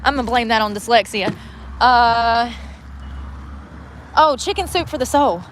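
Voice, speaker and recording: A woman's voice: a little high, measured pace, slight background noise. Chatty woman on a livestream. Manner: rambling, chatty, talks to viewers while out on errands. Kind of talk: casual live-stream chat.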